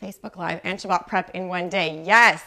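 Hosting a live show as a life coach for mothers, a woman speaks at normal speed in a lowish voice with a steady, pushed, bright tone. She chats freely, says hello to viewers by name, and repeatedly asks "right?" while using plenty of "like".

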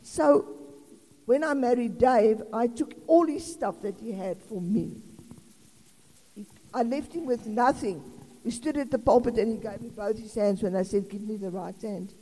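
A woman's voice: a little high, normal speed, dark tone. A South African woman in her sixties preaching an informal sermon in a chatty, rambling way with laughing asides. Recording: long reverb of a hall.

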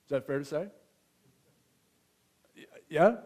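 A man's voice: fairly high pitch, slow pace, a little mellow. A man in his thirties preaching a sermon in a conversational way, often checking in with his listeners. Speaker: pastor.

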